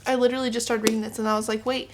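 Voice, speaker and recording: A woman's voice: fairly high pitch, little pitch movement, rapid-fire, background noise. A young woman talking casually at home in a reading vlog, chatty and self-deprecating, often laughing. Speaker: book vlogger. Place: home, kitchen table by a window. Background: washer and dryer running.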